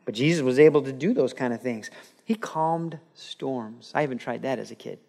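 A man preaching a sermon as a pastor, animated, acting out quoted voices and telling a joke. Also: medium pitch, moderate pace, vocal fry.

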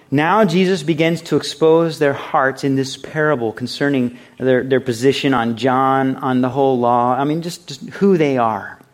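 Male pastor, mid pitch, relaxed conversational sermon delivery. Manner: conversational, acts out quoted voices; reads scripture aloud.

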